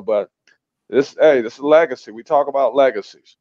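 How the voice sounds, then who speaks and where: A man speaking haltingly, repeating his words, as he thanks the hosts of a sports show. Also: mid-range voice, darkish tone, no room sound. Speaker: show co-host and tribute honoree. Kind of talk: emotional on-air thanks. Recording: dull dry remote audio.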